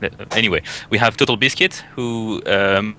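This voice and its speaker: A man in casual panel chat, telling animated stories full of fillers, restarts and swearing. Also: fairly low pitch, normal speed. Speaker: barcraft event organizer.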